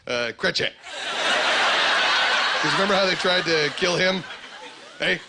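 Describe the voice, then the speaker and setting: A man's voice: high voice, measured pace. A man doing a stand-up routine on a comedy club stage, rambling and full of fillers, slipping into mock voices for his characters. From Canada. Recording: loud noisy club ambience.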